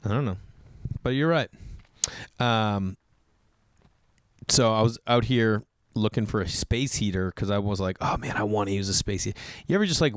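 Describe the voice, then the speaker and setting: A hoarse man with a low voice rambles through a casual solo chat as a comedian host, poking fun at himself between fillers. His tone stays smooth and resonant despite the strain, and the sound is dry and close with no room echo. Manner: rambling, loose, self-mocking with many fillers. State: hoarse, recovering lost voice. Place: home indoors with rain on the roof.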